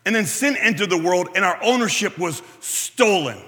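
Man, pastor, sermon, high-pitched, conversational, long hall reverb. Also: lively intonation, normal speed, bright, forceful tone. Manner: conversational, asks the room "right?" often; self-deprecating asides.

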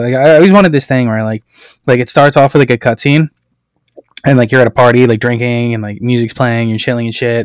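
A man's voice: mid-range voice, no room sound. A man chatting casually, telling stories in a loose, profane, filler-heavy way. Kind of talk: casual chat.

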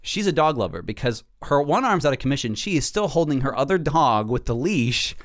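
Male podcast co-host, casual and animated, mid-pitched, laughs through his stories. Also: brisk. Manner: animated storyteller, laughs often. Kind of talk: casual chat.

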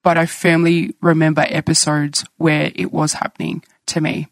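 This is a woman in her thirties with a gravelly, creaky edge to her voice, speaking as a guest in a candid, reflective way. She sits close to the mic in a dry room with no echo. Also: low-pitched, little pitch movement, normal speed. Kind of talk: personal conversation.

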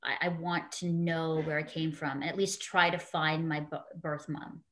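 Woman, interview guest, low-pitched, earnest, heartfelt storytelling, fillers. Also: little pitch movement, unhurried, a bit bright. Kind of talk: emotional personal storytelling.

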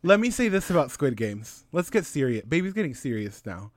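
A man's voice: mid-range voice, very animated, fairly quick, no echo. A man in his late twenties co-hosting a casual podcast, giddy and joking, swearing a lot. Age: 20s. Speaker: podcast co-host.

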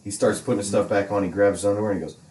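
A man's voice: fairly low pitch, very fast. A man in casual chat adding short remarks and his own story of cleaning up, laughing as he goes. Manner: chiming in with short remarks and a lively, laughing delivery. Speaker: podcast co-host, caregiver.

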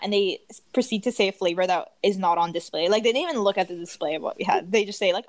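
A young woman co-hosting a podcast talks fast with a mid-range voice and lively intonation, no echo. She chats casually, acts out customers in quoted voices and uses "like" a lot.

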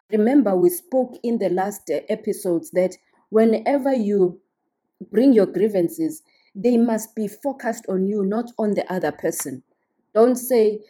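A woman's voice: mid-range voice, measured pace, warm tone, slightly rough. A woman hosting a podcast, giving earnest advice in a casual monologue and often checking in with the listener. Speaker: podcast host.

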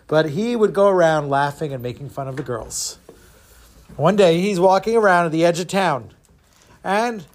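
Male storyteller, playful and animated folktale reader for children, slightly higher voice. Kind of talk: retelling a folktale to kids.

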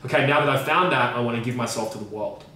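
In a casual podcast conversation, a coach co-hosting the show speaks quickly with a medium-pitched, bright, forceful voice. He is emphatic, swears frequently, and repeats himself. The recording sounds distant, with heavy room echo and faint background noise.

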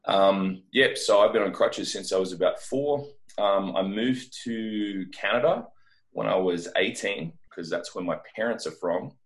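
A middle-aged man with an Australian accent, chatting casually as a podcast guest with a relaxed, self-deprecating humor. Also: on the low side, measured pace. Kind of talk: casual interview chat.

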